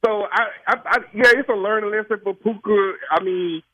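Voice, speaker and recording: Southern-accented male caller, fairly high, bright. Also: normal speed, rough recording. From Georgia. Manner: questioning, laughs, stumbles. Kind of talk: call-in radio.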